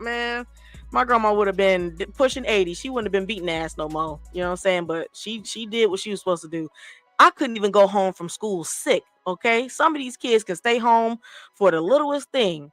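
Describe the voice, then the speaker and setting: A woman host telling childhood stories in casual chat, animated and profane, acting out other people's voices. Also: medium pitch, a little fast, no echo, soft background music.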